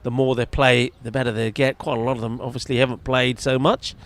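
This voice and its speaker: A man's voice: medium pitch, little pitch movement, brisk. A man giving live, chatty commentary at a cricket match, bantering with the fielders near him. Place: outdoors at a cricket ground.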